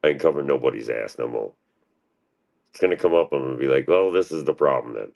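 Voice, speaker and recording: Man, very low voice, gravelly, rambling profane rant, solo streamer. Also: brisk, a little mellow, highs cut off. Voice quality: gravelly, very deep. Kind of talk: casual rambling monologue.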